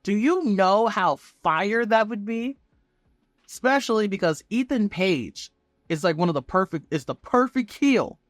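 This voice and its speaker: A man talking as a vlogger, giving casual fan commentary in an excitable, profane, rambling way. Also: high-pitched, unhurried, dry recording, studio quality. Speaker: wrestling vlogger.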